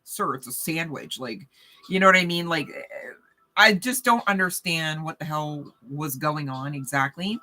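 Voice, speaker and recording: A woman giving a casual tarot card reading to viewers, chatty and animated, with frequent laughing asides. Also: low voice, unhurried.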